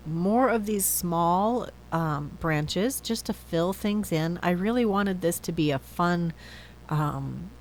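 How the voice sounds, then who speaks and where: Through a card-making voice-over, a woman with a cold-stuffed nose talks in a chatty, think-aloud way, frequently correcting herself. Her voice is fairly low, and there's a slight hiss or hum in the audio.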